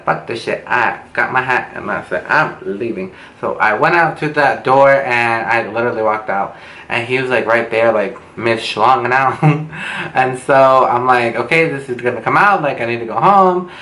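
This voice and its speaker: A young man telling a storytime vlog, animated and swearing, acting out what people said with big jumps in pitch. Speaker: vlogger. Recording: echoey room with faint background noise.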